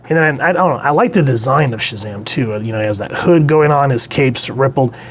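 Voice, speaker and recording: A man's voice: medium pitch, expressive, a little fast, a little hiss or hum. A young man casually reviewing a comic book, talking with enthusiasm and rambling on with fillers.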